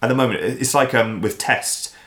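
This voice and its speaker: A man as a podcast guest, talking in a casual, animated way and acting out the voices he quotes. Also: medium pitch, a little fast. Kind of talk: casual interview chat. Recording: roomy echo.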